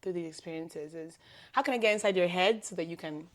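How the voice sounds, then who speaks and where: A young adult woman talking as a guest on a podcast, her voice sitting fairly low. She tells stories with energy, laughs easily and acts out the voices of the people she quotes. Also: quick pace. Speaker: guest, personal stylist. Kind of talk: conversational podcast interview.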